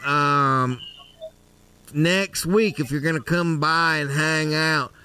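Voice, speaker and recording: Bright high-voiced joking male host. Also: steady tone, takes it slowly, clean tone, no echo. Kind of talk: live show banter.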